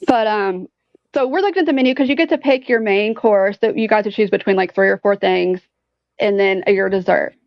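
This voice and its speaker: A woman guest telling a story in casual chat, animated and profane, filling her talk with "like". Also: mid-range voice, a little fast, no room sound, dull audio. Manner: animated, profane, heavy use of "like".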